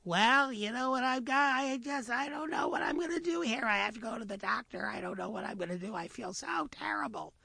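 Cunning little rabbit, nasal, whiny, much higher than his own voice. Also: animated, fairly quick, gravelly, few pauses, bright, forceful tone, slightly rough, no echo, heavily acted. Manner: high, whiny, nasal pleading. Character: sly, stuffy-nosed little male rabbit.

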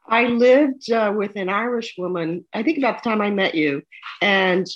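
An older American woman hosts an interview show and chats easily with her guest. She often restarts her sentences as she talks. Her voice sits at a middle pitch for a woman. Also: normal speed, dull audio. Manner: chatty, with frequent restarts. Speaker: show host. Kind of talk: casual interview chat.

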